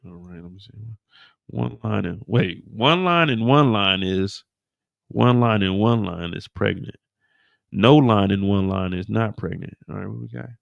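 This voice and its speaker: A man casually recapping a TV episode, animated and profane, acting out the characters' lines as he goes. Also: on the low side, gravelly, dull audio. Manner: animated, profane storytelling with acted-out quotes. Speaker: show recap host.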